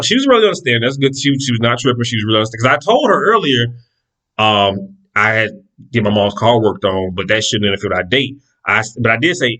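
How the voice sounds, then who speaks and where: A man casually telling a personal story in an animated, profane, exasperated way. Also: medium pitch, brisk.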